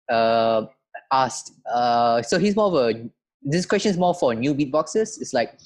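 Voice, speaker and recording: A podcast host with a slightly husky, breathy voice reads out viewer questions in a loose, relaxed way. The pitch sits in a middle range. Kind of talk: casual interview hosting.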